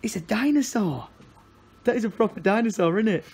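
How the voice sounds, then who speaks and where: A young man, chatting excitedly in a casual vlog and often breaking into laughter. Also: high-pitched, husky. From England. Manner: excitable, laughing, quick exclamations. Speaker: vlogger. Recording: faint background noise.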